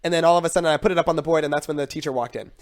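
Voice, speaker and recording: A man's voice: fairly high pitch, fairly even intonation, very fast. Playful man telling stories on a podcast. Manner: storytelling, playful, teasing. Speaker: podcast co-host. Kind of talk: casual chat.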